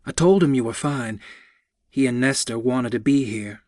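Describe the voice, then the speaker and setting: A man narrating an audiobook, voicing a gentle young man in a soft, reassuring way. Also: medium pitch, normal speed, no room sound, clean studio sound, close to an everyday voice.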